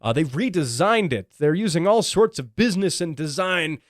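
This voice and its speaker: A man's voice: fairly high pitch, expressive, normal speed, no room sound, clean studio sound. A man hosting his own car radio show and podcast, talking casually and wryly with many ums and restarts. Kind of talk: casual solo podcast commentary.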